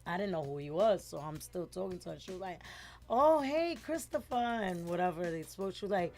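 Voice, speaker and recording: Animated storytelling woman, faint music. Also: on the low side, fast talker, gravelly. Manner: animated, acts out quoted voices, switches between English and Spanish words. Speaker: guest. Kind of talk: casual storytelling interview.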